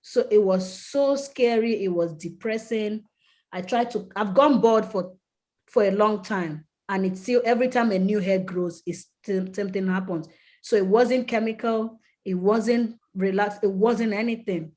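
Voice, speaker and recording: A woman speaks as a podcast guest at a middle pitch, recounting a hard stretch of her life in earnest, vivid detail. She tells it with feeling and slips into a raised voice to act out the people she quotes. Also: measured pace, darkish tone. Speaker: podcast guest, skincare brand founder. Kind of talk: personal storytelling in a podcast interview.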